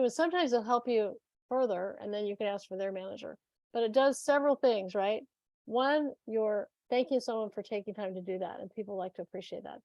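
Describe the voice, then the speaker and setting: Animated woman telling stories, dry sound. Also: mid-range voice, a little fast, no echo, lo-fi sound. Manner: animated storyteller, acts out the people she quotes. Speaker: webinar co-presenter. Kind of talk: casual webinar chat, telling anecdotes.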